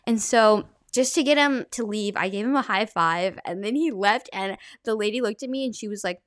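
A woman's voice: medium pitch, moderate pace, dry recording. Chatty young woman podcaster, dry sound. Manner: chatty, filler-heavy retelling with frequent "like". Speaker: podcast host. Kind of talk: casual storytelling podcast.

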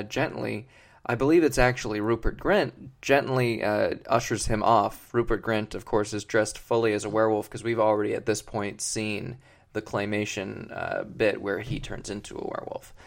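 A man co-hosting a comedy podcast, rambling on in a mock-earnest, deadpan way with many fillers. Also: lowish voice, normal speed, gravelly. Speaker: podcast co-host.

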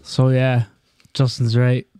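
Mellow-voiced man in casual podcast chat. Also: medium pitch, slow, slight background noise. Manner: profane, reads facts aloud in a flat reading tone. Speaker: podcast co-host.

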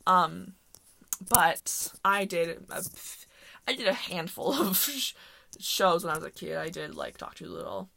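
A woman's voice: on the low side, very animated, a little slow, vocal fry, pushed and bright. A young woman hosting a podcast, chatting casually and rambling with lots of fillers, often laughing as she talks. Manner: rambling and chatty, with many fillers and self-interruptions; laughs often while talking. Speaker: podcast host. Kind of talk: casual solo chat.

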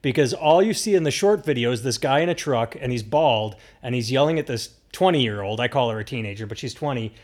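A man's voice: mid-range voice, animated, a little fast, few pauses. A man hosting a podcast, recounting a story in a wry, insistent way. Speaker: podcast host. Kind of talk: casual chat.

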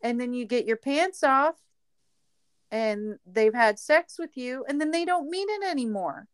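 A woman's voice: high voice, expressive, measured pace, smooth, no echo. A woman in casual chat, talking frankly and bluntly, with a bawdy humor. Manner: frank, blunt and bawdy, acts out quoted voices.

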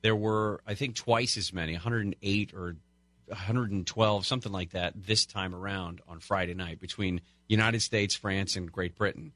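A man's voice: low voice, fairly even intonation, normal speed, a bit bright, dry recording. A man co-hosting a talk radio show, chatting conversationally with fillers and restarts. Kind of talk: casual talk radio chat.

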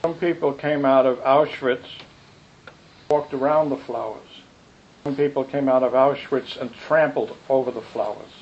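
A man giving a rambling, animated spiritual talk, telling stories with quick asides. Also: mid-range voice. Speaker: spiritual teacher. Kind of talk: dharma talk with questions. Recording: muffled lo-fi recording with faint noise.

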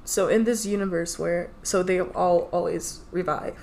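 A woman's voice: on the low side, fairly even intonation, normal speed, creaky, a little mellow, slight background noise. A woman casually reading a story aloud with a friend and critiquing how it is written, chatty and laughing at times. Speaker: co-reader and commentator. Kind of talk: casual read-aloud with commentary.

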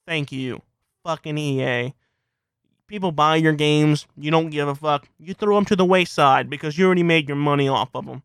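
Furious swearing gaming rant, crisp dry voice. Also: medium pitch, moderate pace, dry recording. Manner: heated, swears constantly, rhetorical questions. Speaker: gaming commentator. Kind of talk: profane ranting commentary.

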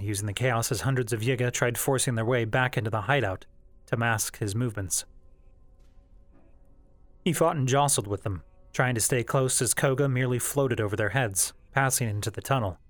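A man narrating a fan novel as an audiobook in a steady, measured storytelling voice. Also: medium pitch, dry recording. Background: faint background music.

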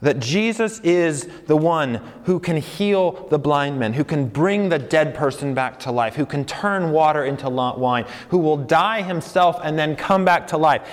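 A male pastor giving an animated sermon, with emphatic rises and slow, deliberate readings. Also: a little high, long reverb tail.

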